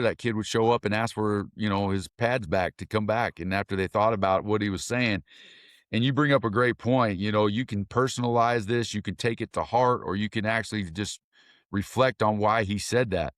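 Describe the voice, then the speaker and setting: Brief: male coach from Kentucky, earnest, animated storyteller, dry close sound. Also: mid-range voice, no room sound. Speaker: football coach and mentor. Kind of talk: casual interview talk.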